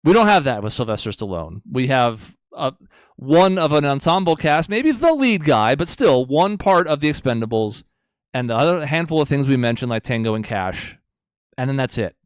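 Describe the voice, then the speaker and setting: A man co-hosting a casual podcast, talking through his reasoning in long, measured stretches. His voice sits at an everyday pitch. The sound is dry and close. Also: very animated, no echo. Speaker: podcast co-host. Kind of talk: casual chat.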